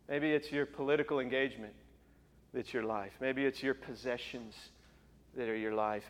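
A man preaching a sermon as pastor, emphatic, with forceful repeated phrases. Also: medium pitch, in a large hall. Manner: emphatic, rising to forceful repetition.

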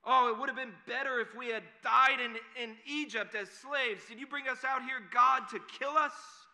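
A man's voice: very high-pitched, steady tone, normal speed, bright, forceful tone, voice pushed up, full character voice. A man voicing grumbling Israelites who complain in a whiny, pleading, accusing tone. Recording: long hall reverb.

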